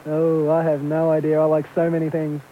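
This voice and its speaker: An Australian man speaking as a radio guest, dry and deadpan, in a fairly high voice. The sound is thin and phone-like, with a faint hiss underneath. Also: fairly quick. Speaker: studio guest.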